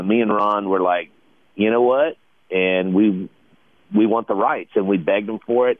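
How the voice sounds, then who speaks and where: A man's voice: lowish voice, no echo. A middle-aged man with a Texan Mexican-American accent, a comedian telling rambling stories on a call-in and repeating his words. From Texas. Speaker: comedian calling in. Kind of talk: casual storytelling on a phone-in. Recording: muffled dry call-in audio.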